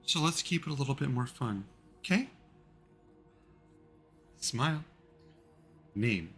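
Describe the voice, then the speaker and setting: A cruel, haughty vampire bride, put on by a man. She mocks and commands in a bright, forceful voice, pitched well above his own and louder. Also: lively intonation, slow, slightly rough, soft background music, heavily acted. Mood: imperious. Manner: mocking, imperious and taunting.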